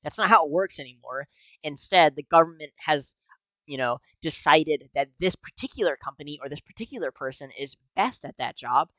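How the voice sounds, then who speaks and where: A man with a fairly high, bright and forceful voice, chatting on a podcast with plenty of swearing and laughter. The recording is dry and a little dull and lo-fi. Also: normal speed, dry recording. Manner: profane, animated, laughs often. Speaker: podcast co-host. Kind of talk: casual political podcast chat.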